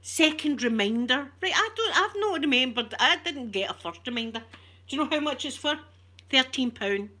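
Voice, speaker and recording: A woman's voice: high voice, lively intonation, brisk, bright, forceful tone. A Scottish woman chatting on an ASMR live stream, ranting with animation and swearing freely. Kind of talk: casual live-stream chat.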